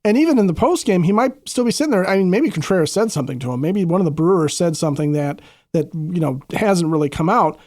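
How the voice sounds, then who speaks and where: A man co-hosting a sports podcast, talking casually in a measured way with small restarts. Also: sits high, animated, darkish tone, no room sound, studio quality. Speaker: podcast co-host.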